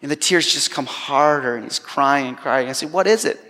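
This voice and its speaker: A man's voice: medium pitch, little pitch movement, moderate pace, sharp tone. A man preaching a sermon, telling a personal story with self-deprecating humor. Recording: long hall reverb.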